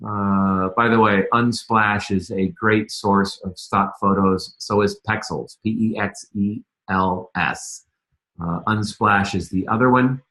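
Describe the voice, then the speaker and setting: A man with a lowish voice teaches a casual screen-share lesson, chatting loosely and breaking off his own sentences. His voice sits in a roomy, echoey space. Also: steady tone, takes it slowly, a bit bright. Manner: chatty, self-interrupting, many fillers. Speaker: marketing instructor.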